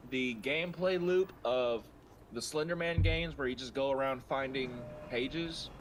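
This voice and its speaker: High, lively man bantering on stream. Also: background noise. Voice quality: animated storyteller, swearing, trailing off mid-sentence. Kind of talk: casual gaming stream banter.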